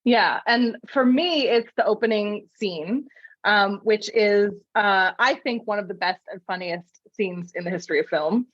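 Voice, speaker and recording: A woman podcast host in casual chat, telling film trivia in a lively storytelling way with frequent laughs. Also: medium pitch, a little slow, muffled recording.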